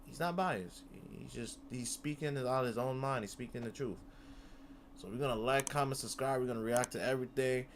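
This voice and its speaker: A man's voice: mid-range voice, fairly quick, a little hiss or hum. Rambling young man reacting to videos. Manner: rambling, repeats words, swears freely. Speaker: reaction channel host. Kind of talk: casual reaction commentary.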